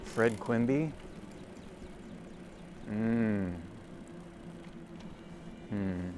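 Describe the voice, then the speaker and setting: Slow-talking man in his forties. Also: fairly low pitch. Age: 40s. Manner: rambling, self-amused, chatting with viewers. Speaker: livestreamer. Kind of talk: casual chat while riding. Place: outdoors on a cargo bike by a lake. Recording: outdoor ride with clear background noise.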